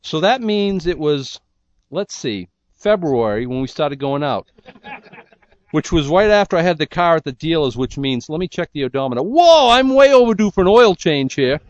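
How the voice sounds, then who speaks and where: A man's voice: fairly high pitch, very animated, normal speed, no room sound, highs cut off, voice pushed up. A man playing an oblivious, car-minded guy. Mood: distracted. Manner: distracted, muttering, matter-of-fact. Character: oblivious practical man worried about his car.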